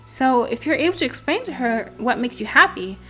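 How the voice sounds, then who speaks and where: Woman playing a cheerful, caring young club leader; high, upbeat, reassuring, faint game music. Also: lively intonation, brisk, fairly bright tone.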